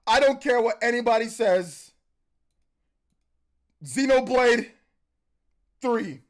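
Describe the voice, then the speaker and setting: A man hosting a live reaction stream, talking in excited, emotional bursts and repeating himself, with a voice that is wearing out. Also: very high-pitched, slow, long pauses. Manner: excited, emotional, repetitive exclamations. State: losing his voice. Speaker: host.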